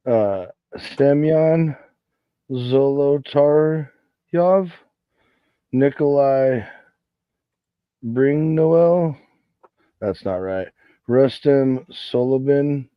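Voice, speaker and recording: A man co-hosting a podcast, reading hard names in a halting way and stumbling over them. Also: medium pitch, smooth, no echo, muffled recording. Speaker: podcast co-host. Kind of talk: casual chat, reading names aloud.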